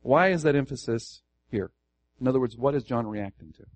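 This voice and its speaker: A man's voice: medium pitch, lively intonation, fairly quick, no echo. A man teaching Scripture to a church group, earnest, restarting phrases and putting questions to the room. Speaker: Bible teacher. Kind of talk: Bible study teaching to a congregation.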